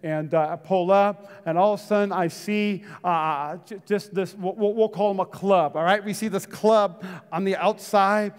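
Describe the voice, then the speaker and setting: A man pastor delivering a dynamic sermon to his congregation. His voice sits high and swings from loud shouted lines to soft, almost whispered phrases. The sound carries a long reverb from the church hall. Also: fairly even intonation, moderate pace, clean tone. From United States. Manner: calls out to the congregation.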